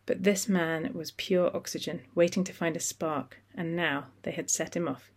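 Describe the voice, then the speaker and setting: A narrator reading a novel aloud in a measured, steady storytelling manner. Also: medium pitch. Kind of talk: audiobook narration.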